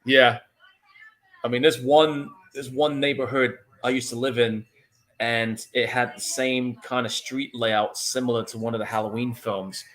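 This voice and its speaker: Male podcast host, relaxed casual movie talk, mid-range voice, quick to laugh. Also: mid-range voice. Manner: laid-back, easily laughing, reads chat comments.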